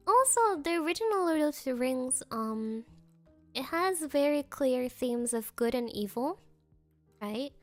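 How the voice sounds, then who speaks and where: A woman's voice: on the high side, dry recording. A woman streamer in casual chat, rambling through sarcastic rants and laughing often.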